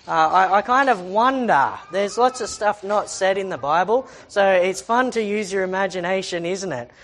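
A woman's voice: medium pitch, moderate pace. A woman who teaches the Bible in a chatty way, asking rhetorical questions and reading scripture aloud.

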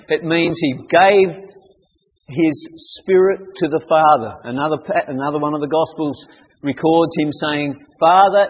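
A man preaching a sermon to young people, animated and acting out cries with sudden loud bursts. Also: on the high side, breathy edge, highs cut off. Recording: long hall reverb.

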